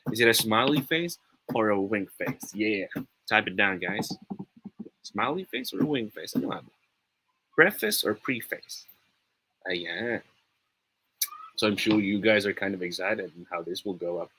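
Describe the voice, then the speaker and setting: A man's voice: lowish voice, sharp tone, slightly rough, low-quality recording. Upbeat Filipino man teaching live. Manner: upbeat, switches between English and Tagalog, reads viewer comments. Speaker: online English teacher. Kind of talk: live-streamed lesson.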